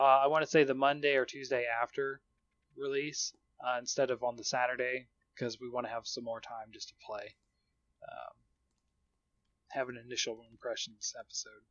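A man's voice: mid-range voice, a bit bright, no room sound. Chatty laughing man, dry lo-fi sound. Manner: chatty storytelling, laughs often. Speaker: podcast co-host. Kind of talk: casual chat.

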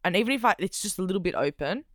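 A speaker telling a story in casual chat, animated and sweary, acting out what others said. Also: medium pitch, rapid-fire, dry recording, clean studio sound.

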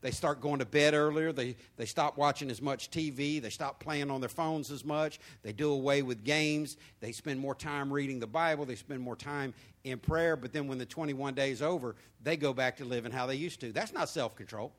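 A male pastor preaching a sermon, moving between quiet asides and loud, emphatic points. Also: medium pitch, normal speed, hardly any pauses. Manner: lively preaching with swings from soft to loud.

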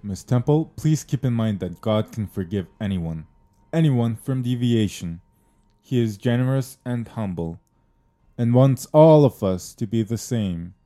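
A man playing a formal interrogator questioning an accused woman in an audio drama, measured and insistent. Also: medium pitch, animated, warm tone, lightly acted. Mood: stern. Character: stern male interrogator, officious and persistent.

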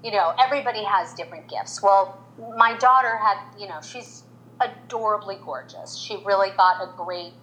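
A veteran makeup artist in her forties tells a personal story in an interview, speaking at a moderate pace on a low-quality recording. She's animated, acting out the quoted lines in a higher voice.

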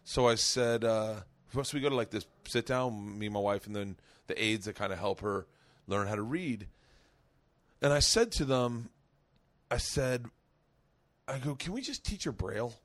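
A man's voice: lowish voice, moderate pace. A man hosting a podcast, telling a long story in casual, profane chat with frequent swearing. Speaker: podcast host.

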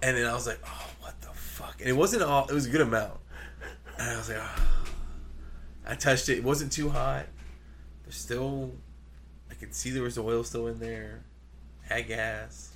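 A man in his own casual voice telling a rambling story to a friend, swearing freely and acting out the sounds of a machine. Middle pitch, with a faint hiss of noise under the recording. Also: normal speed, pauses often. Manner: animated, swearing, imitates engine noises. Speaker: podcast co-host.

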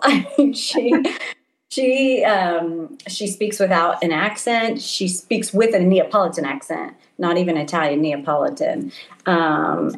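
A middle-aged woman missionary talking casually as an interview guest, laughing often and filling pauses with ums. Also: on the low side, low-quality recording. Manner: warm, laughs often, many ums and restarts. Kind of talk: casual conversation. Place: home in Italy, over a call.

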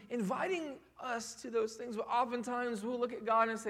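Pastor, male, high and bright tone, chatty emphatic preaching full of rhetorical questions. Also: normal speed, few pauses. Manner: animated, emphatic repetition. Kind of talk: sermon.

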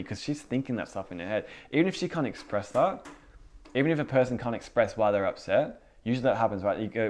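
A man's voice: lowish voice, quick pace, a little mellow. A young man in his twenties giving a casual spoken teaching as a youth pastor, talking in a conversational way with frequent fillers and repeated words.

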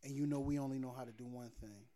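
A man's voice: mid-range voice, fairly even intonation, quick pace, mellow. A man co-hosting a casual chat, laid-back and slangy, swearing casually. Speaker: podcast co-host.

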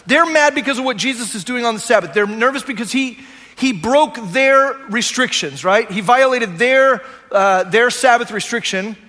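A man's voice: extremely high pitch, bright, forceful tone, big-room sound. A male pastor giving a conversational sermon, often checking in with "right?" and acting out quoted lines.

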